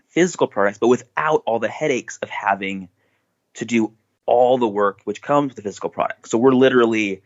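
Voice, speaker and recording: Upbeat male entrepreneur guest, casual chat, muffled lo-fi recording. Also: mid-range voice. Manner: upbeat and enthusiastic.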